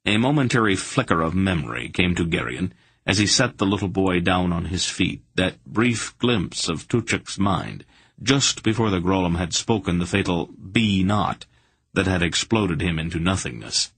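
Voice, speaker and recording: Male audiobook narrator, very low, husky, dry, steady telling. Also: no room sound. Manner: steady, measured storytelling.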